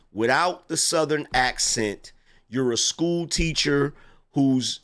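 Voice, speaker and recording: A man's voice: mid-range voice, fairly bright tone. A man giving mocking, sarcastic online political commentary that rambles and stammers through restarts.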